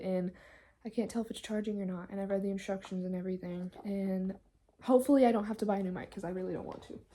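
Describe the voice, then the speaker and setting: A young woman rambles anxiously at home in a casual vlog. Her voice is mellow and fairly flat in pitch, and she talks at an ordinary woman's pitch. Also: slight background noise. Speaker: vlogger.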